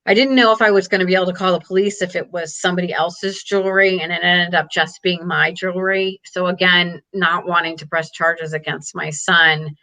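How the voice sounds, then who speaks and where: A middle-aged woman speaks as an interview guest, candid and earnest, her voice bright and forceful yet set a little low. She tells her story plainly and often says "like". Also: steady tone, a little fast, hardly any pauses. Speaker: guest, parent advocate. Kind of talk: emotional personal storytelling.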